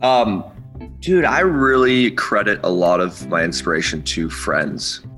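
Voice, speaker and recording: Low-voiced laid-back man. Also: very animated, a little slow, music in the background. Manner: laid-back, rambling, laughs often. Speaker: podcast guest. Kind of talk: casual chat.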